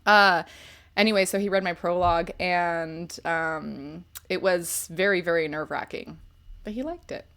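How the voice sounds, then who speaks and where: A woman's voice: fairly low pitch, steady tone, moderate pace, a bit bright. A woman hosting a casual livestream where she reviews books, talking in a chatty, rambling way and laughing often. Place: home computer setup.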